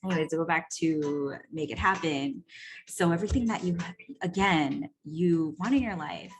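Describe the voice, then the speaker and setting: A woman coach talks straight to her listeners in a loose, swearing monologue. Her voice sits a little low, and she fills her sentences with "like" and "right?" as she acts out what people said. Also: normal speed, soft background music. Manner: chatty and profane, full of "like" and "right?"; animated, acts out quoted voices. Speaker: personal growth coach. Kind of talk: casual storytelling monologue.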